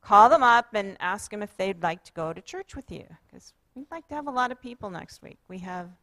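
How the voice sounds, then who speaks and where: Animated and fairly quick, a mid-range female voice belongs to a pastor encouraging her congregation in a church sanctuary. Warmly, she leads call-and-response chants of affirmation, recorded dry.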